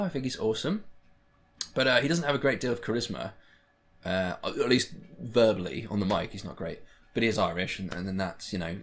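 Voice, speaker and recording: Excitable sweary man. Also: fairly low pitch. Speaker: wrestling vlogger. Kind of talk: casual chat.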